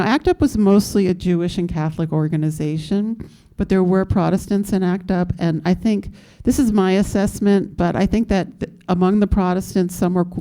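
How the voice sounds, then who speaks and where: A woman's voice: fairly low pitch, mellow. A woman in her fifties speaking on a panel, telling stories from her activist past in a candid way, with fillers and laughs. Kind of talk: recounting activist history on a panel.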